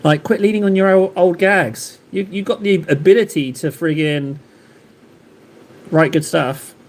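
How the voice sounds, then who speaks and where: A man's voice: high-pitched, measured pace, darkish tone. A man hosting a livestream, chatting casually and joking with his viewers, rambling with many fillers and restarts. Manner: rambling, jokey, lots of fillers and self-interruptions. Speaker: livestream host. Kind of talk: casual chat with live chat readers.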